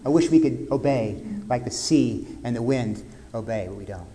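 A man preaching a sermon, talking conversationally, retelling scenes vividly and dropping suddenly quiet at times. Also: mid-range voice, animated, moderate pace, a little hiss or hum. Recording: long hall reverb.

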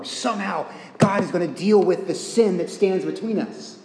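Guy preaching a sermon, kinda high voice, earnest, sounds like a big echoey church. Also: moderate pace, a little hiss or hum. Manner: earnest expository preaching, shifting between quiet emphasis and rising intensity. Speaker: pastor. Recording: echoey hall, reverberant.

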